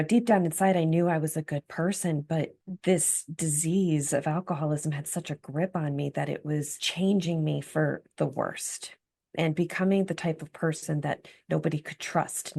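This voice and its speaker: Low-voiced woman with a gravelly edge. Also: fairly even intonation, moderate pace, warm tone. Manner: earnest, reflective, spiritual. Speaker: guest, empowerment coach. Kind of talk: candid personal story in interview.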